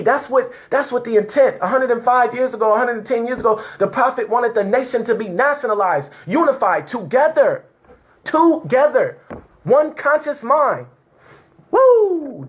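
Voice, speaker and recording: A man's voice: very high-pitched, fast, hardly any pauses, dull audio. A man, fervently reading a declaration to viewers, tearful and crying out in emotional exclamations. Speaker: speaker reading a legal declaration.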